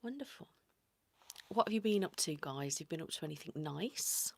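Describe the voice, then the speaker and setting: A woman hosting a whispered ASMR livestream, greeting viewers by name in a soft whisper. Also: deep voice, expressive, normal speed, vocal fry, slightly rough. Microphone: close sensitive mic.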